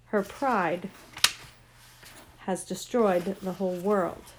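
An imperious ancient queen of sorcery speaks, voiced by a woman reading a storybook aloud. Her voice is grand, cold and commanding, with a pitch that sits at an ordinary middle height. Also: fairly even intonation, slow pace, background noise, natural voice.

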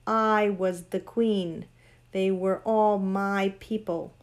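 A woman's voice: mid-range voice, fairly even intonation, slow pace, lightly acted. A woman reading a storybook aloud and voicing a proud ancient sorceress queen who speaks in a grand, cold, commanding way. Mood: imperious.

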